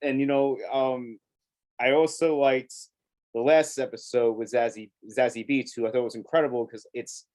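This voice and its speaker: A man's voice: medium pitch, steady tone, moderate pace, a little mellow. A man co-hosting a casual TV review chat, talking in an emphatic, chatty way and laughing often. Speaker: co-host of a TV review show.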